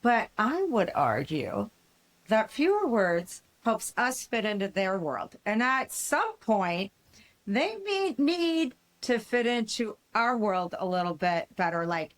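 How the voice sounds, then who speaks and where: A woman co-host speaks slowly and thoughtfully at a mid pitch. She gives her views calmly in a casual chat. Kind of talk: casual interview talk.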